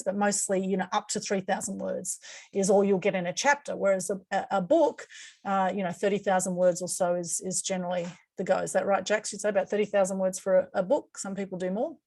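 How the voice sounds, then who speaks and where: A woman's voice: medium pitch, a little mellow. A woman hosting an online meetup over a video call, chatty and upbeat with frequent fillers. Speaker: meetup host. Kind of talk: casual group video call.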